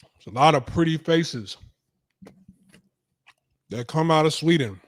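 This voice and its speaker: A man's voice: fairly high pitch, measured pace, dry recording. Blunt, profane man with a drawl. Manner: blunt, profane, animated and dismissive. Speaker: streaming talk show host. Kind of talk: casual reaction commentary.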